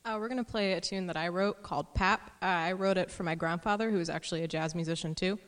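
A woman leading a jazz trio, giving brief, soft-spoken answers on a radio show. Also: on the low side, fast. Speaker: bandleader guest. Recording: off-mic, distant.

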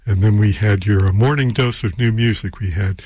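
Man, radio DJ, husky voice, rambling, hesitant, dry close mic. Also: fairly low pitch, brisk, a little mellow, no echo. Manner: rambling, unsure, self-deprecating asides. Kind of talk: casual radio show talk.

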